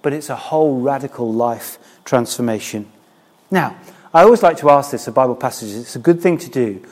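A man's voice: medium pitch, animated, fairly quick. A middle-aged man preaching a sermon in a conversational way, often asking the listeners rhetorical questions.

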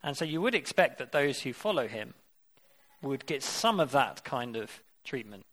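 A man's voice: mid-range voice, very animated, normal speed, a bit bright. A man preaching a sermon. He reads scripture aloud and then puts questions directly to his listeners. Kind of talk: interactive sermon.

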